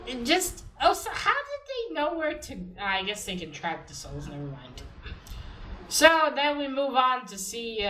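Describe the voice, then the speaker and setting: A woman's voice: medium pitch, distant mic, a little hiss or hum. Exasperated woman ranting in a roomy space. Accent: Israeli. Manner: animated, exasperated ranting with swearing. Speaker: comic reviewer. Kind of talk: casual spoken review. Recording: roomy echo, off-mic.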